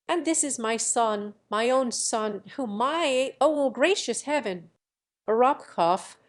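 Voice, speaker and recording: A woman's voice: mid-range voice, darkish tone. A woman voicing a bitter young man who taunts his father with malice. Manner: sneering, malicious.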